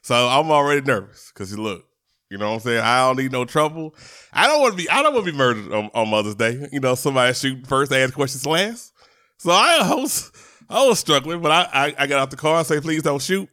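A man's voice: medium pitch, animated, brisk, pushed and bright, dry recording, clean studio sound. A man hosting a podcast, telling a personal story in a chatty way, restarting his words and talking to listeners as y'all. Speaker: podcast host. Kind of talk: casual storytelling monologue. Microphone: podcast microphone.

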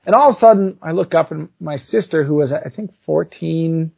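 A chatty man telling a funny childhood story, talking in a fairly high voice. His delivery is animated and loose, full of fillers. The recording sounds dull and lo-fi. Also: moderate pace, gravelly, slightly rough, dry recording. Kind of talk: casual storytelling.

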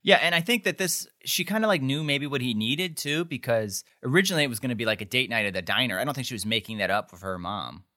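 Recapping a TV episode on a podcast he co-hosts, a man rambles casually, full of "like" and acted-out quotes. His mid-range voice is expressive, bright, and forceful, and he talks fast with few pauses.

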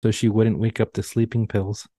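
A man's voice: fairly low pitch, little pitch movement, normal speed, mellow, no echo, studio quality. A man in a casual chat, delivering blunt, crude punchlines.

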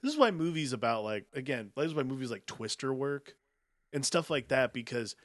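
A man's voice: mid-range voice, animated, fairly quick, dry recording, clean studio sound. A man co-hosting a podcast, riffing loosely about films with lots of "like" and casual swearing. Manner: rambling, filler-heavy, profane. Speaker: podcast co-host. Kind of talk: casual film chat.

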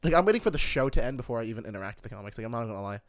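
A young man co-hosting a casual podcast chat, excitable and swearing, swinging between loud and quiet. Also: mid-range voice, very fast, a crowd in the background. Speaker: podcast co-host.

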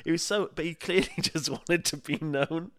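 A man's voice: a little high, moderate pace. A man, co-hosting a podcast and telling an anecdote in casual chat, laughing often and acting out what people said. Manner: laughs often, acts out quotes in other voices. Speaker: podcast co-host.

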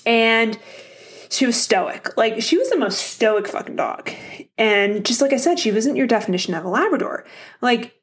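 A woman's voice: a little high, animated, normal speed. A woman hosting a casual solo podcast, talking bluntly and motivationally to her listeners, swearing often and laughing easily. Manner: motivational, addresses listeners directly. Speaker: podcast host.

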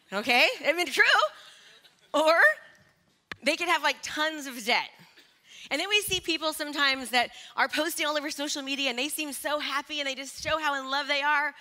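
A woman in her forties giving an energetic, chatty stage talk and drawing the live audience in, a little nervous. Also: high-pitched. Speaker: motivational speaker.

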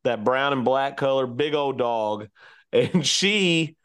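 Easygoing man with a smooth voice. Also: mid-range voice, lively intonation, slow pace, fairly bright tone. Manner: easygoing, hedging, laughs often. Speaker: podcast co-host. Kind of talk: casual chat.

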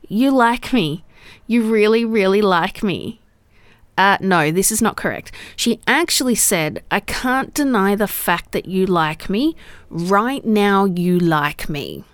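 A woman's voice: medium pitch, dry recording. A woman hosting a solo podcast in a casual, chatty way, often laughing and asking the listener "right?". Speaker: podcast host.

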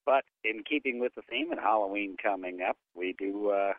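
A man from Philadelphia calling in as a guest, talking in a relaxed, rambling way with many fillers. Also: on the low side, normal speed. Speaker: guest, ghost tour guide. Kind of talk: phone-in interview. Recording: tinny phone line.

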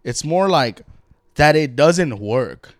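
A man's voice: on the high side, expressive, takes it slowly, no room sound, studio quality. A young man co-hosting a podcast, ranting bluntly and profanely in casual chat. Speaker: podcast co-host.

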